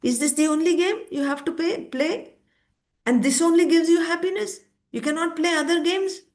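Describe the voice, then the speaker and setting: A woman's voice: extremely high pitch, moderate pace, darkish tone, voice pushed up. A woman voicing an anxious mother scolding her toddler with pleading, reproachful questions in a storytelling lesson.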